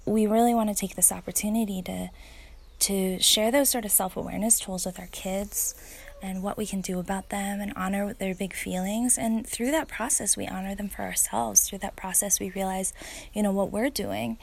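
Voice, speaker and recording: A woman's voice: medium pitch, steady tone, moderate pace, creaky, a little mellow. A woman in her thirties, a parent, talking outdoors in a casual reflective way, earnest and thoughtful, with fillers and restarts.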